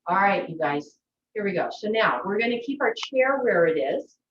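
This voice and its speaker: A woman teaching a yoga class from home, giving gentle, encouraging instructions. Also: medium pitch, expressive, moderate pace, a little hiss or hum. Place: her home. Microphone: video call from a distance. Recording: echoey, distant, dull video-call audio.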